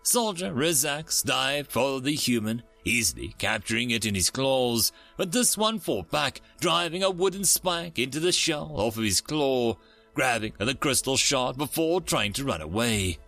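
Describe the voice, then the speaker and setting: A man's voice: medium pitch, big pitch swings, a little slow, creaky, sharp tone, soft background music. A man narrating a dramatic sci-fi story with varied emphasis.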